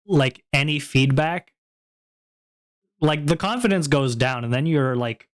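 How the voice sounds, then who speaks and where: A man's voice: on the high side, unhurried. A young man chatting casually on his stream, rambling and self-deprecating with lots of fillers.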